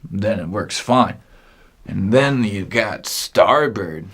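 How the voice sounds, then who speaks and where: Very slow, halting low-voiced man. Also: expressive, a bit bright, breathy edge. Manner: halting, meandering, with long pauses between phrases. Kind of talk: rambling comic monologue.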